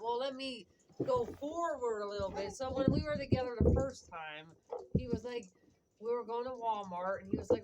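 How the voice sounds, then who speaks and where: A woman's voice: fairly high pitch, a little fast. A woman telling a long personal story in a casual, rambling way, full of "like" and "whatever" and quoted back-and-forth. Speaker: vlogger. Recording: loud background clicking noise.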